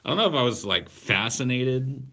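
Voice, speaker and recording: A man in his thirties, a podcast host, answering viewer questions in blunt, profane, deadpan casual chat. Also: medium pitch, normal speed. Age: 30s.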